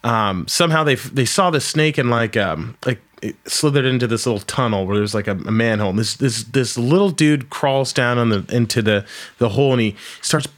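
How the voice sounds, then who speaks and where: A man's voice: medium pitch, brisk, fairly bright tone. A man hosting a casual chat, telling rambling stories and swearing freely.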